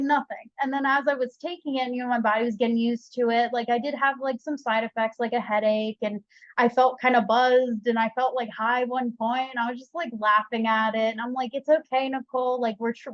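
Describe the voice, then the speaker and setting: A woman's voice: fairly high pitch, no echo, lo-fi sound. Chatty young woman telling her story. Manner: chatty, animated retelling with quoted dialogue. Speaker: podcast guest. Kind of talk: candid personal story.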